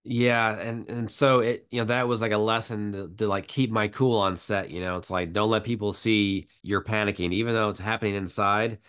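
A man's voice: on the low side, steady tone, normal speed, hardly any pauses, a bit bright, clean tone. A man being interviewed about his film work, telling stories casually with many fillers, restarts and "like"s. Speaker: guest, filmmaker.

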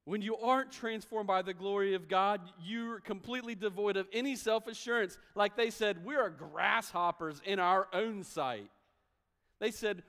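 High-voiced preaching pastor in a reverberant hall. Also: male voice, moderate pace, a bit bright. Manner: conversational preaching, acts out quoted voices. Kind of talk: sermon. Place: church sanctuary.

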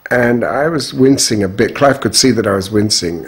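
A husky, low-pitched older man telling his own story in an interview. He speaks in a measured and frank way, with firm opinions. His voice has a breathy grain throughout. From Australia. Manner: measured, frank, strong views. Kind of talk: reflective personal storytelling.

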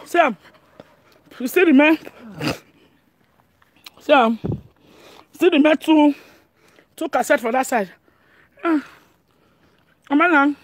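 A woman's voice: high voice, slow pace, long pauses, dry recording. A woman with a Nigerian accent chatting casually to her vlog audience, laughing often and speaking pidgin English. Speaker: vlogger. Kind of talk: casual home vlog chat.

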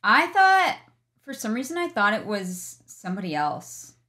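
A woman's voice: mid-range voice, huge pitch swings, unhurried, pushed and bright. A woman co-hosting a casual reaction video, playful and giggly. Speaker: reaction channel co-host.

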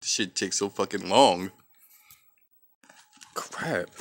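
A man giving profane, trash-talking commentary over his own gameplay, reacting loudly to each fight. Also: low voice, takes it slowly. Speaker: gaming channel host. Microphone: off-camera voice-only mic.

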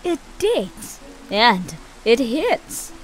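A man's voice: very high-pitched, sing-song, extremely slow, pitched above the performer's own voice, heavily acted, poor audio. A man voicing a sly old shopkeeper woman who calls people dearie and cackles, in a game role-play. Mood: teasing.

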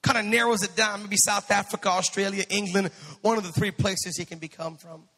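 Brief: male preacher, very high gravelly voice, fiery sermon with shouted peaks, church reverb. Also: fairly quick, soft background music. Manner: impassioned preaching that builds to shouted climaxes, with quips to the congregation. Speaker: pastor. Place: church sanctuary.

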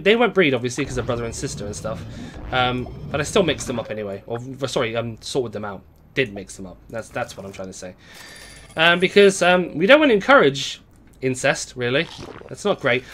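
A man's voice: medium pitch, fairly bright tone. A young man casually commenting while he plays a game on a live stream, rambling and chatting to viewers. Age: young adult. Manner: rambling, chatty, reads out chat.

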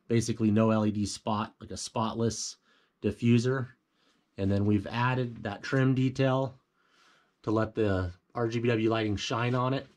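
A man's voice: on the low side, a little mellow. A man giving a casual walkthrough of a home theater build, explaining things plainly with fillers and self-corrections. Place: home theater room, indoors.

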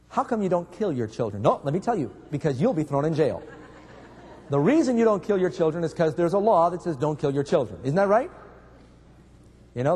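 A man preaches in a somewhat high, husky voice, weaving stories into his sermon and throwing questions to the congregation. His words ring out with a long reverb, as in a large church hall. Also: a little mellow. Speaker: pastor.

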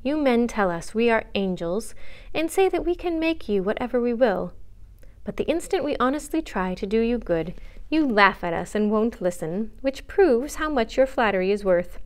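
Storybook reading: a sharp-tongued, earnest young lady read by a woman, cool and scolding. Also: fairly high pitch, lively intonation, normal speed, smooth, natural voice. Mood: lecturing.

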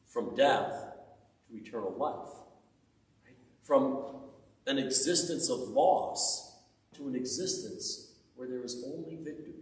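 A middle-aged man preaching a sermon, telling stories with earnest, emphatic delivery and some rising, taunting outbursts. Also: mid-range voice. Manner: earnest storytelling, lively emphatic taunting with pauses. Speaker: pastor. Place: church sanctuary. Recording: echoey church from far off.

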